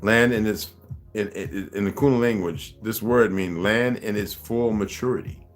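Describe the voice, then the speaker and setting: Older male streamer, deep-ish voice, halting and rambling, soft music underneath. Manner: rambling, halting, repeats words while fiddling with a device. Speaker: livestream host. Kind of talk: casual livestream talk.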